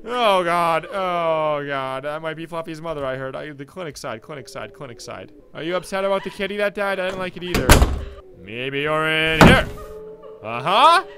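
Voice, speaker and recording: A young man, reading game text and commenting, excitable and jokey. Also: fairly high pitch, normal speed, heavy background noise. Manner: excitable, jokey, thinking aloud. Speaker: gameplay commentator.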